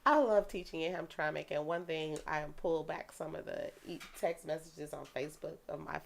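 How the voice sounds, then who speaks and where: Gravelly-voiced woman educator, lively. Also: sits low, moderate pace. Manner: lively storyteller, laughs often. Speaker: guest, educator and daycare owner. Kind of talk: casual interview talk.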